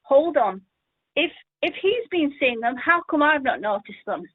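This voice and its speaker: High lady calling in, tinny phone sound, acts out all the voices in her story. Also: unhurried, no echo. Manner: animated, acts out the quoted voices. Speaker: caller. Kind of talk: telling a childhood story on a call-in show. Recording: dry tinny phone line.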